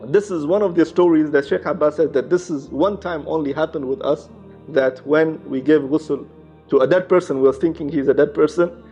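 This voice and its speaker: A man's voice: on the high side, normal speed, warm tone. A man telling a religious true story in a casual, conversational way, with many restarts and Arabic phrases mixed in. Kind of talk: casual storytelling with acted quotes. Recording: slightly muffled, faint music behind.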